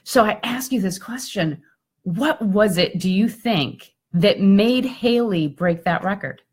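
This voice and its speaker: A woman speaker and coach narrates a story on a live video chat in a lively, conversational manner, frequently using "like" and "I mean." Her mid-range voice is slow and slightly rough.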